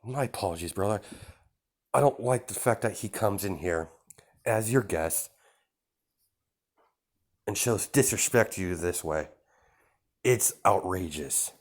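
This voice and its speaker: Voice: sits low, lively intonation, unhurried, long pauses. A reader putting on the voice of a young woman, a fawning and sweetly menacing sister, for an improvised fan story read-aloud. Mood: indignant.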